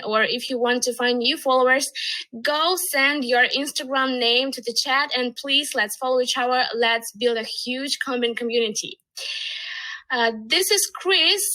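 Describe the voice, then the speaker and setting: Upbeat woman hosting a webinar, high voice. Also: bright, forceful tone, rough recording. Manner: upbeat, reads chat messages aloud. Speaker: webinar host. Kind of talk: live webinar hosting, greeting chat.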